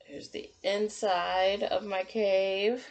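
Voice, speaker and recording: A woman teacher giving a gentle, encouraging drawing lesson to young children and talking through each step as she draws. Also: mid-range voice, steady tone, takes it slowly. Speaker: kindergarten teacher.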